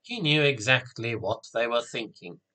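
Bright-voiced man narrating a storybook. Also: medium pitch, normal speed. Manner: steady, clear reading aloud.

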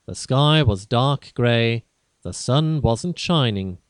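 A man narrating a simple graded-reader story in a slow, careful, even way. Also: mid-range voice, smooth, no room sound.

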